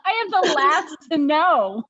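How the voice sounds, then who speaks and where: A woman hosting a casual livestream chat, talking quickly in asides and laughing often. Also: high-pitched, lively intonation, bright, forceful tone, no room sound. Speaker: livestream host. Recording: dull, dry lo-fi sound.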